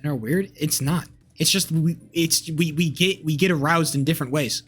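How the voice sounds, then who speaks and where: A man's voice: a little high, moderate pace, a bit bright, husky, soft background music. A young man streaming live, rambling casually with crude language and lots of fillers and restarts.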